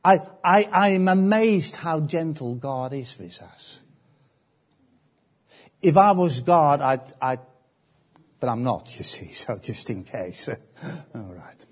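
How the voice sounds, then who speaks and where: A man preaching a sermon, slow and emphatic, often repeating phrases and pausing. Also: fairly high pitch, expressive.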